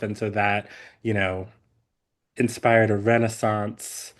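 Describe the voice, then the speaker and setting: Slow, low-voiced chatty man. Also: level tone. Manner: rambling, chatty, laughs often, many fillers. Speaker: podcast co-host. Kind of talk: casual chat.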